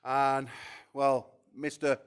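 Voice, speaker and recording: Excitable guy hosting a fight press conference, swears a lot, trips over his words. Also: medium pitch, drawn-out words, a little hiss or hum.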